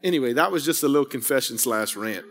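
A man's voice: medium pitch, animated, fast talker, long reverb tail. A man in his thirties preaching a sermon, conversational and rambling, full of asides and rhetorical questions. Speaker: pastor. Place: church sanctuary.

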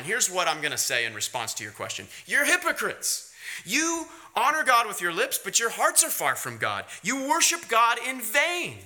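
A man preaching a sermon, hitting key words in high emphatic bursts, then easing into quiet, wry storytelling. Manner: drops to quiet, wry storytelling with light laughs. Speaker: pastor.

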